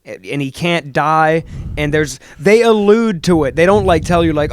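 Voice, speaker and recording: A man's voice: on the high side, moderate pace, a little hiss or hum. A young man co-hosting a podcast, telling rambling, profane stories in casual chat. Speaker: podcast co-host.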